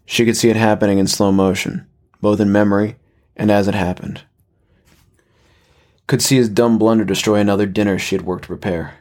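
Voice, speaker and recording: A man reading a horror story as narrator, in a slow and measured way. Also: lowish voice, a little mellow, slightly rough.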